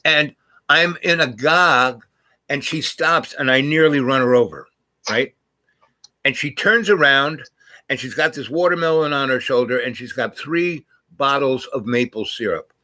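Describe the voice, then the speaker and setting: An older man spins a rambling personal story in relaxed conversation, his bright, forceful voice pushing through constant restarts and trailing phrases. He wanders off mid-thought and circles back without hurry. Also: medium pitch, a little slow, low-quality recording. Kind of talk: casual rambling anecdote.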